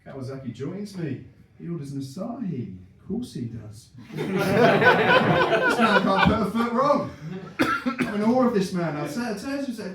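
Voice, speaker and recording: A man telling a comic story on stage, often laughing at his own jokes and acting out other people's voices. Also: on the high side. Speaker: stand-up comedian. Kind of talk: stand-up storytelling. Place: comedy club stage. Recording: echoey room from far off, noisy. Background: audience laughter.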